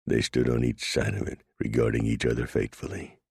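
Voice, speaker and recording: A man narrating a western audiobook in a steady, measured way. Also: a bass voice, creaky, slightly rough, dry recording, studio quality. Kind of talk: scripted narration.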